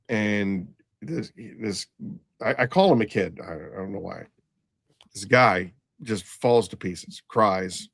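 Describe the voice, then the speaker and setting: Candid man telling a rough work story. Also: on the low side, no echo, clean studio sound. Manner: candid, halting, full of fillers and restarts. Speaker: guest, trauma nurse and former paramedic. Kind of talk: casual storytelling in a podcast conversation.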